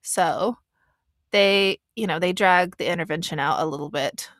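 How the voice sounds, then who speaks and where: A woman's casual commentary, earnest and meandering, full of restarts and fillers. Her voice sits a little low and the sound is dry and close, with no room around it. She is openly moved as she talks. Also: normal speed, fairly bright tone, no room sound. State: getting emotional. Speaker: commentator reacting to a reality show.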